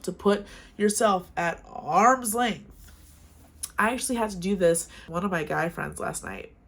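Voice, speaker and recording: A young woman vlogging casual advice to camera, chatty and frank, telling stories from her own life. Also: mid-range voice. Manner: chatty, frank, animated storytelling.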